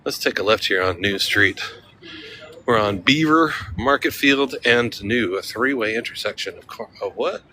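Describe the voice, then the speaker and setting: Central california guy rambling on a street livestream, bright voice, jokey, bit of faint city noise. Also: fairly low pitch, lively intonation, normal speed, low-quality recording. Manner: joking, rambling, chuckling often. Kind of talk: casual walking livestream chat.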